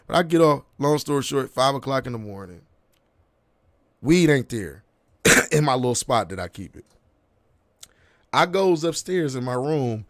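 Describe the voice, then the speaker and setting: A man's voice: mid-range voice, normal speed, dry recording. Man in his thirties, podcast host, casual story, street slang, acts out quotes, dry close sound.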